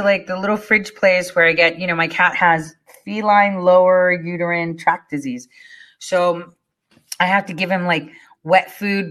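Woman vlogger ranting to her viewers, kinda low voice, blunt, swears a lot, says "like" and "you know" constantly. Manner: animated, blunt, swears freely; conversational, many fillers like "you know" and "like". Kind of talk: casual storytelling to viewers.

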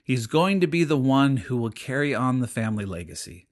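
A man's voice: mid-range voice, big pitch swings, fairly quick. A middle-aged man preaching a sermon in an earnest, explaining way, with frequent fillers and restarts. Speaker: pastor.

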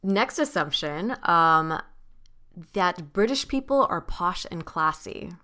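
A woman's voice: lowish voice, lively intonation, slow pace, sharp tone. A woman co-hosting a podcast, asking questions in a casual, friendly way. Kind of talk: casual chat.

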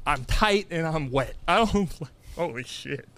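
A man's voice: on the high side, measured pace. A young man co-hosting a podcast, telling a story in casual chat with lots of laughter and self-mockery. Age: young adult. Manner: animated storytelling, laughs often, self-mocking. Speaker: podcast co-host.

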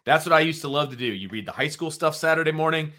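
A middle-aged man co-hosting a sports talk show, a former high school football coach who talks emphatically with folksy asides. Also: lively intonation, fast talker, sharp tone. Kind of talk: casual radio talk.

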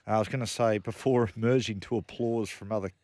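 A man's voice: lowish voice, steady tone, quick pace, background noise. A man, hosting a breakfast radio show with playful, jokey patter in a studio. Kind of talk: casual radio banter.

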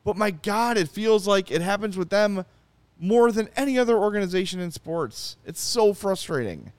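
A man hosting a casual sports talk show, ranting in an animated, exasperated way and reading out viewer comments. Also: high voice, moderate pace, clean tone, dry recording. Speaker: podcast host.

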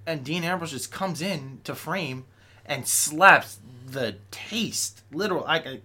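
A man on a casual podcast panel, telling stories in a sardonic, animated way. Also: a little high, slow pace, husky. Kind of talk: casual chat.

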